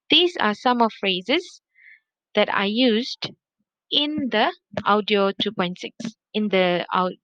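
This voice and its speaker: A woman's voice: medium pitch, a bit bright, no room sound. A woman lecturer, giving a recorded class in a chatty way, often checking in with "yeah?" and "okay". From Malaysia. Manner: chatty, repeats herself, many checking tags like "yeah?" and "okay". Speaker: university lecturer. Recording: dull lo-fi dry audio.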